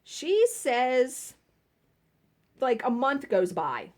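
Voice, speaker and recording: A woman's voice: sits high, huge pitch swings, extremely slow. A woman vlogging casually while she cross stitches at home, telling stories and laughing at herself. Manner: chatty storytelling, laughing at herself.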